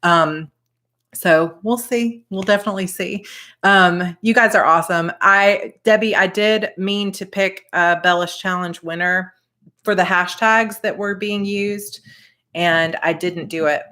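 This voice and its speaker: A woman's voice: medium pitch, steady tone, unhurried, sharp tone. A woman in her thirties with a Georgia Southern accent, chatting casually and effusively with viewers on her live stream as an author. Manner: chatty and effusive, reads viewer comments aloud.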